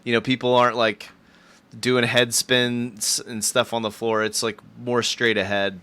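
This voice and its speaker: A man's voice: medium pitch, flat delivery, unhurried, bright, forceful tone, clean tone. A man hosting a casual movie discussion, reading out his own notes in an easygoing way.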